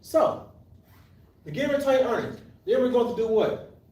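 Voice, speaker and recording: Very high-voiced yet darkish in tone, this animated man speaks a little slowly while teaching accounting live. He asks the class questions, then answers them himself, frequently restarting sentences, and the distant mic picks up an echoey room.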